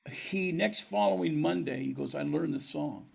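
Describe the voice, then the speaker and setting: A man's voice: a little high, normal speed, vocal fry, slightly rough. An older man, a musician guest on a podcast, telling stories and acting out the voices of people in them. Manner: animated storyteller acting out quoted dialogue. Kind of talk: storytelling in a podcast interview.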